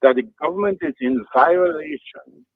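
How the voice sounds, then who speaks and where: A man on a radio talk show, speaking in a deliberate way and walking the other speaker through a chain of leading questions. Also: on the high side, no echo, narrow, tinny audio.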